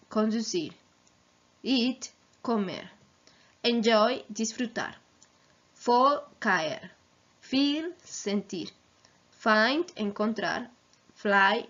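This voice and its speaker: Slow, patient woman drilling vocabulary. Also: medium pitch, fairly bright tone. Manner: slow, repeats each word, gives Spanish translations. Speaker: English teacher. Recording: slightly dull lo-fi recording.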